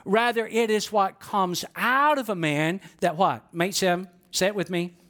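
Animated high-voiced male preacher. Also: measured pace. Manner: animated, interactive, asks the congregation to respond. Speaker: pastor. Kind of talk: sermon with storytelling.

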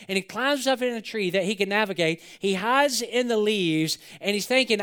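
A man with a high voice delivering a sermon. He preaches with animation, swelling loud for emphasis and then dropping to a hush. He acts out the people in the story in quoted voices. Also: expressive, normal speed, hardly any pauses, clear, resonant tone. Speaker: pastor.

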